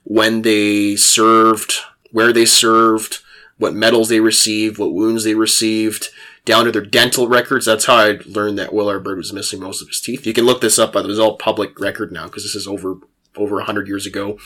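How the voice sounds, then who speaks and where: Lively bright-voiced male podcast host. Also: fairly low pitch, normal speed. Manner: animated storytelling, laughs, frequent restarts. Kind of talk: casual chat.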